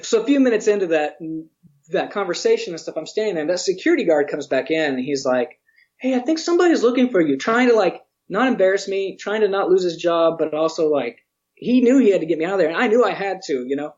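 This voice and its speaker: A man, a fairly high voice for a man, spins a story in an interview. He acts out the voices of the people in it and laughs along the way. The recording sounds a little dull and muffled. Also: quick pace. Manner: animated storyteller, acts out quotes, laughs often. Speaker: interview guest, museum educator.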